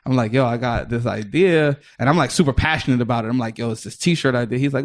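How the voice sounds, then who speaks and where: A male comedian from the Bronx talking on a podcast. He rambles through his story with plenty of restarts and casual swearing, and slips into other people's voices as he quotes them. His pitch sits in an ordinary middle range. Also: fast. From New York, the Bronx.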